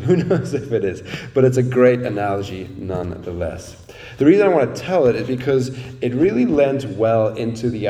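A man gives a sermon in a mellow, relaxed mid-range voice, easing into a story with plenty of "uh"s and "like"s. He sounds a bit far from the mic in a roomy space, like a preacher at an evening gathering in a meeting room.

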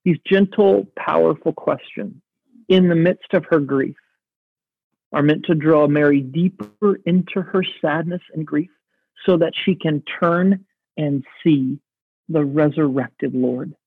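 Male pastor, sermon, husky tone, dry close sound. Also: on the high side, dry recording. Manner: earnest, reflective, slows for emphasis. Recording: dry, phone-like narrow sound.

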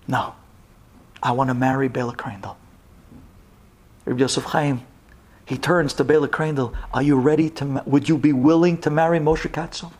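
A man, a rabbi, telling a story with dramatic delivery, acting out the characters' voices and swinging from loud, high outbursts to hushed whispers. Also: steady tone, normal speed, long pauses.

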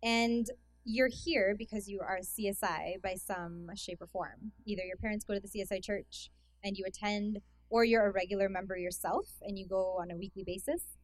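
A woman's voice: mid-range voice, steady tone, normal speed, no room sound. A young woman with a Canadian accent giving a casual talk as a guest speaker, chatty and self-deprecating with plenty of fillers. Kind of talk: casual talk to a youth conference. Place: hall with an audience.

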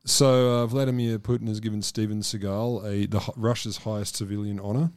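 A man co-hosting a podcast, cracking wry, deadpan jokes. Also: on the low side, a little fast. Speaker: podcast co-host. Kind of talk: casual chat.

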